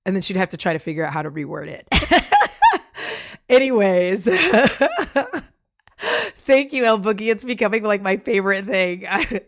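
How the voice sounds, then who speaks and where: A woman's voice: medium pitch, quick pace, no room sound, clean studio sound. A woman chatting casually on her live stream, rambling from topic to topic and cracking jokes and puns. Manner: jokey, rambling, fond of puns. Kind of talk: casual chat.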